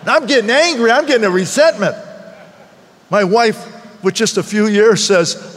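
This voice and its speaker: A man's voice: sits high, sing-song, unhurried, fairly bright tone, long reverb tail. An older man giving a heartfelt personal testimony at a recovery meeting, repeating phrases for emphasis.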